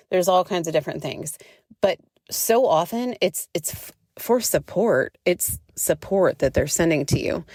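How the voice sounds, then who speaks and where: A woman's voice: fairly low pitch, vocal fry, a little mellow, no room sound, studio quality. A young adult woman hosting a casual spiritual podcast, chatty and swearing freely, with lots of filler words. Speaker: podcast host.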